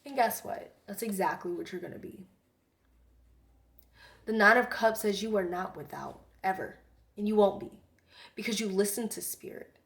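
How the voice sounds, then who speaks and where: A woman giving a casual spiritual tarot reading, earnest and effusive, chatting with soft whispered asides. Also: mid-range voice, normal speed, vocal fry, long pauses. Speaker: tarot reader.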